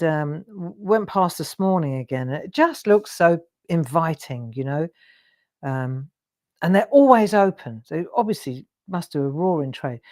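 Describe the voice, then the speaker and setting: A woman's voice: fairly low pitch, darkish tone. An English woman hosting a live crafting show, telling rambling anecdotes and laughing often. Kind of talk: chatty storytelling while crafting.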